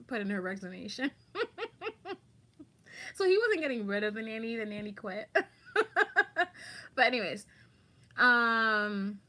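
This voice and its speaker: A woman's voice: a little high, lively intonation, slow pace, pauses often, bright, forceful tone. A woman hosting a casual livestream, chatting about online drama and reading viewer comments aloud.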